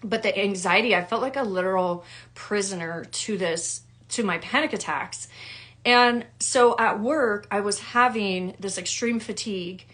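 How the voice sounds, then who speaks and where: A woman telling her own story the way a wellness coach would. She is casual and animated, and her voice jumps sharply whenever she acts out what someone said. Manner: animated, acts out quoted people with big pitch jumps. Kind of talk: personal storytelling to camera.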